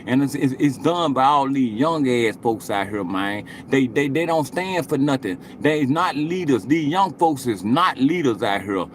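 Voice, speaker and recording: A man in his late forties streams live and talks at his viewers in an unhurried, meandering way. He swears often and keeps looping back to the same points. His voice sits at an ordinary middle pitch, and a faint background noise runs under it. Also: animated. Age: 40s. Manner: rambling, profane, repeats "you know what I'm saying".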